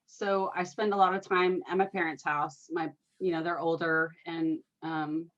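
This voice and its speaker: A woman's voice: on the low side, little pitch movement, normal speed, fairly bright tone, muffled recording. A woman telling a story in casual conversation, rambling and filling her speech with "you know" and "like.". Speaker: energy worker and guest.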